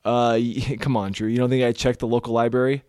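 A man's voice: medium pitch, flat delivery, fairly quick, darkish tone, smooth, dry recording, studio quality. A man co-hosting a podcast in casual chat, loose and talkative and swearing freely. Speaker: podcast co-host.

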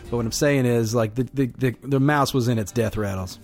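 A man co-hosting a casual movie review podcast, talking quickly and excitedly, swearing now and then. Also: medium pitch, faint music behind. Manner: fast, animated, swears, retells scenes. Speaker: podcast co-host.

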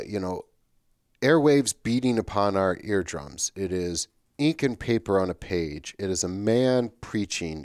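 A man with a very low, deep voice explains theology in a methodical, step-by-step way. The sound is dry and close, with almost no room echo. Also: darkish tone. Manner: explanatory, builds arguments step by step. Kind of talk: theological discussion.

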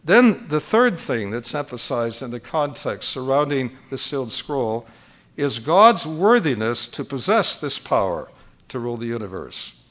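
A man's voice: mid-range voice, very animated, measured pace, a bit bright. An older man preaching at a conference, teaching point by point and repeating key phrases for emphasis. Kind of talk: sermon.

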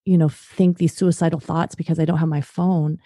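Earnest lady author on a podcast, kinda low mellow voice, dry close mic. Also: level tone, a little fast, no echo. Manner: earnest, acts out parent dialogue. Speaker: guest author. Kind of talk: podcast interview.

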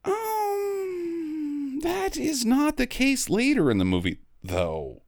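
A podcast co-host in casual comedic chat, retelling a film sarcastically with quick mock voices, swearing and laughing often. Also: high-pitched, sing-song, a little mellow, dry recording, clean studio sound.

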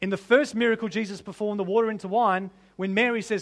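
A man preaching a sermon, animated and humorous, often laughing and piling up rhetorical questions. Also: sits high, fast talker, hardly any pauses.

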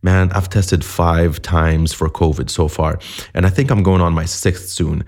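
A man's voice: deep voice, steady tone, measured pace, darkish tone. A man hosting a podcast in a chatty, self-deprecating monologue, a little sniffly from a cold. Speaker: podcast host.

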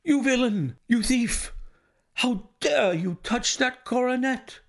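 Man doing an old banker dad losing it, yelling high and raspy. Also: very animated, a little slow, full character voice. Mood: furious. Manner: shouting, accusing. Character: enraged older male banker, outraged father.

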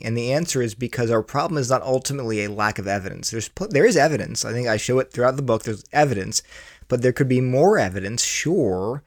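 A man's voice: medium pitch, lively intonation, fast, dry recording, studio quality. A man answering interview questions about his book, earnest and explanatory, often repeating words as he thinks. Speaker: author and guest.

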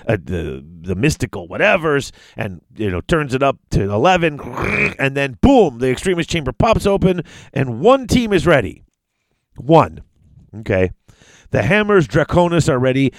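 A man casually retelling a fantasy battle story, excitable and rambling. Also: dry recording. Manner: excitable, rambling, big pitch swings. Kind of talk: casual chat.

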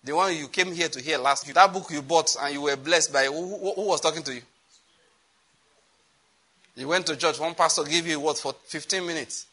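Bright-voiced preacher. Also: male voice, fairly high pitch, fairly quick, breathy edge. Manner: animated, laughing, acting out dialogue. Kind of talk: sermon.

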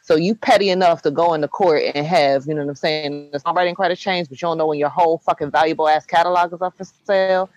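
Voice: medium pitch, steady tone, quick pace, hardly any pauses, no echo, highs cut off. A co-host in a casual chat, arguing opinions and often saying "you know what I'm saying".

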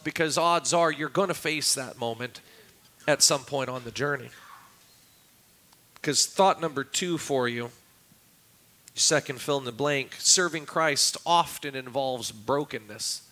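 A man's voice: on the high side, a little slow, sharp tone. A man preaching a sermon as pastor, acting out quoted cries with a raised, dramatic voice. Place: church.

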